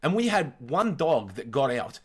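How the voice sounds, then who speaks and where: A man in his forties with an Australian accent, a podcast co-host telling wild childhood stories in a blunt, profane, animated way. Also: mid-range voice, normal speed, breathy edge. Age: 40s. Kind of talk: casual storytelling.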